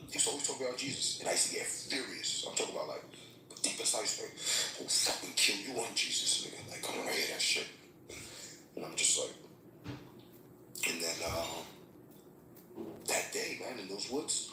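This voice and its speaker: Deep-voiced man telling a raw story. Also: pushed and bright, reverberant, far from the mic, a little hiss or hum. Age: 30s. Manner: raw, emotional, street slang. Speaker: livestream host. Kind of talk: personal testimony storytelling.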